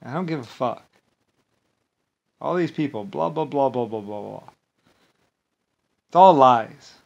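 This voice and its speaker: A man's voice: medium pitch, expressive, a little slow, gravelly, lo-fi sound. A man delivering an angry, rambling monologue, swearing often, repeating himself and restarting his sentences. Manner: profane, repetitive, ranting with many restarts. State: agitated and angry. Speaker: vlogger.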